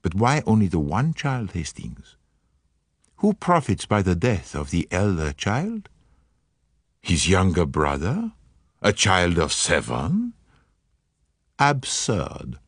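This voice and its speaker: Precise, formal older sleuth for a mystery audiobook, played by the narrator, low voice with lively inflection. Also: male voice, slow pace, long pauses, husky, dry recording, studio quality, full character voice. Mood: measured. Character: fastidious, shrewd older male detective.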